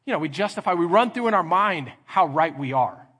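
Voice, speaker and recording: A middle-aged pastor with a fairly high voice, preaching animatedly and slipping into mock voices to act out everyday scenes. His sermon rings out through a reverberant church hall. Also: expressive, brisk, fairly bright tone, slightly rough. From Texas.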